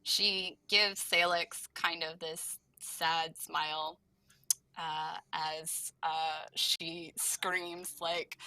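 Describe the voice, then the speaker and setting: A woman playing a tabletop game, describing her character's actions hesitantly with many pauses. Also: deep voice, little pitch movement, pushed and bright, a little hiss or hum, rough recording. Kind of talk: casual tabletop narration.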